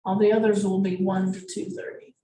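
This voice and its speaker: A woman leading a group coaching session, animated and acting out gestures and little voices as she explains. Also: medium pitch, a little fast. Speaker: sales coach. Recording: echoey room, mic far off, faint noise.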